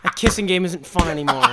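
A man's voice: high-pitched, gravelly, heavy background noise, heavily acted. A man playing a mopey, complaining son in an improvised comedy sketch. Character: whiny son of hippie parents.

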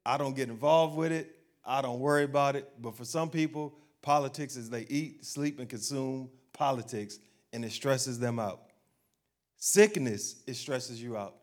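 Conversational preacher with a lively delivery. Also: male voice, mid-range voice, normal speed. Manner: conversational preacher, asking the crowd questions and acting out everyday voices. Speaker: pastor. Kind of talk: sermon.

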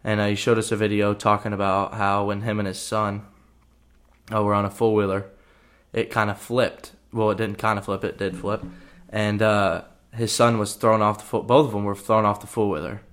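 A young man, a college football player, telling a story on his podcast in a relaxed, rambling way, full of fillers. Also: fairly low pitch, brisk. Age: young adult. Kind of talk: casual storytelling.

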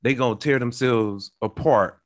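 A man's voice: mid-range voice, moderate pace, dry recording, clean studio sound. A young man hosting a casual talk show, explaining his point earnestly with everyday examples and many restarts. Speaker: podcast host. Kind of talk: casual conversational discussion.

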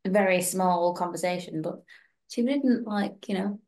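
Lively young woman telling stories. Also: on the low side, normal speed. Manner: animated storytelling, acting out quoted voices. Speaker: podcast co-host. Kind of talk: casual chat.

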